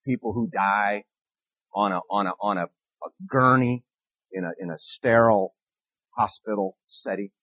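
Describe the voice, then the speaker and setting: A man's voice: lowish voice, steady tone, measured pace, pauses often, fairly bright tone, dry recording. A man preaching a conversational sermon as a minister, earnest, repeating key phrases and putting questions to the congregation.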